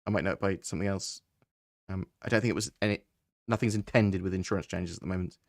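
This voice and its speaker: A man hosting a casual live-stream Q&A, answering viewer questions in a relaxed, conversational way and thinking aloud as he goes. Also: low voice, fast, gravelly, dry recording, studio quality.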